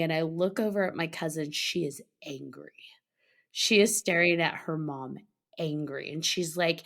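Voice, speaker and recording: A woman telling a story in a casual podcast chat, animated, laughing often and acting out the lines of other people. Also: low-pitched, normal speed, vocal fry. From Colorado. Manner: animated, laughing, acts out quotes. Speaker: podcast guest.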